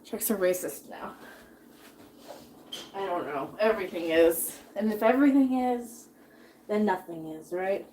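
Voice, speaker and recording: A woman's voice: medium pitch, measured pace, pauses often, dark tone, slight background noise. A woman in her thirties chatting casually while cooking on a live stream, rambling and laughing often as she reads chat.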